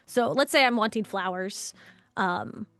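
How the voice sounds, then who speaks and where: A woman's voice: mid-range voice, unhurried, no room sound. A woman leading a live online workshop in a casual, chatty way, acting out quoted lines in playful voices. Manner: animated, acts out quoted dialogue in voices; casual, conversational, chatty asides. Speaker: workshop leader.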